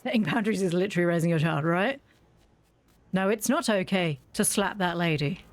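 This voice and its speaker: Chatting over a game, this British YouTuber swears freely and rants with blunt energy in casual commentary. She has a lowish voice with lively intonation, talks fairly quickly, and the recording is dry.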